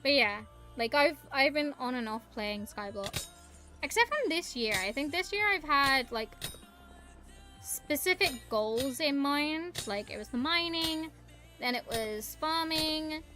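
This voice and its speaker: A woman's voice: high-pitched, animated, measured pace, sharp tone, faint music behind. A young woman streaming a game, chatting in a rambling, casual way and greeting her viewers. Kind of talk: casual live-stream chat while gaming.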